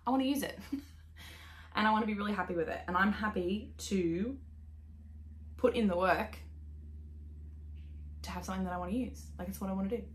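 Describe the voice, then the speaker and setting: A woman's voice: medium pitch, fairly quick, pauses often. Aussie woman yarning about her knitting, casual and sweary, laughs at herself a lot. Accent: Australian. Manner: chatty, swears freely, self-deprecating, laughs often. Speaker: knitting podcast host. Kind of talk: casual chat.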